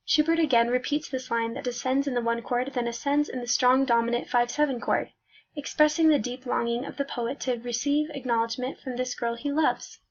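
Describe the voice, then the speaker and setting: A woman with a high voice reads a prepared music analysis aloud. She is careful and measured and trips on a word now and then. The recording is a little dull and lo-fi. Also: fairly even intonation. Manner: careful, measured reading with slight slips. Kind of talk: read academic music analysis.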